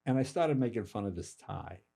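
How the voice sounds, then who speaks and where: An older man, a comedian guest, telling casual anecdotes with quick asides and acted-out quotes. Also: fairly low pitch, animated, gravelly, warm tone, husky. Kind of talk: casual storytelling.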